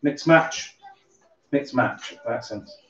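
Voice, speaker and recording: Slow and fairly bright, this mid-range male voice belongs to a livestream host with a light Somerset twang. He chats rambling and casual during a drink-along stream, swearing offhandedly, while music plays behind roomy, distant, dull audio.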